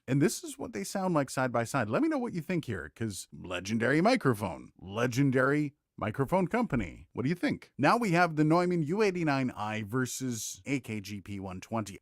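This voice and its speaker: A man hosting a casual tech demo as a microphone reviewer, talking straight into a studio condenser mic with lively, joking asides. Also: medium pitch, dry recording.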